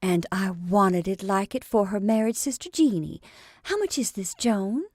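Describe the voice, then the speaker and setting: Woman reader playing a gentle motherly country lady, soft soothing storybook voice, dry close sound. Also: mid-range voice, lively intonation, moderate pace, no echo. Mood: kindly.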